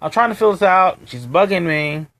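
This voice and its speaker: A man telling a story on a casual live stream, stumbling over his words and acting out other people's lines. His voice sits high and swoops all over the place. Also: normal speed. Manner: animated storytelling, acting out quoted voices, many restarts. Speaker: co-host.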